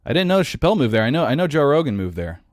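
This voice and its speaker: A man's voice: medium pitch, sing-song, very fast, dry recording, clean studio sound. A man in his thirties hosting a podcast, ranting in a casual, exasperated, profane way. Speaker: podcast host.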